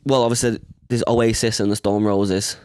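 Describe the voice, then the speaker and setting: A man's voice: on the low side, little pitch movement, normal speed, darkish tone, clear, resonant tone, dry recording, studio quality. A man in his early twenties with a Manchester accent, a rapper talking as a guest in a casual interview, laid-back and rambling, full of slang and fillers. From Manchester, England. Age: 20s.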